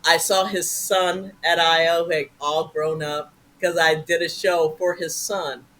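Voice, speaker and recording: An older woman, a guest improviser, telling animated stories in a casual interview and swearing freely. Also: deep voice, measured pace, a little hiss or hum, low-quality recording.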